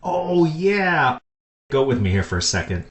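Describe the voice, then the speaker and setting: A man hosting a podcast in casual chat, enthusiastically pitching ideas. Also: very animated, a little slow. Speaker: podcast host. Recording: echoey room.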